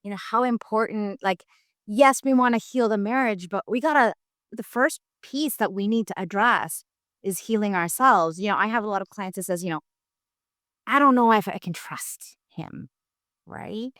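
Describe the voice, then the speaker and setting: A woman's voice: mid-range voice, normal speed, a bit bright, no echo. A woman host with a middle-range voice chats loosely with her guest and wanders through her thoughts with lots of fillers. The recording is close and dry. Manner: rambling, filler-heavy, searching for words. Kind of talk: casual chat interview.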